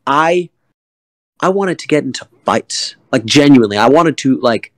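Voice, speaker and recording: A young man speaking candidly and emotionally in a community AMA. He tells a personal story in halting bursts, with many fillers and some swearing. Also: mid-range voice, lively intonation, dry recording, rough recording. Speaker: guest artist in a community AMA.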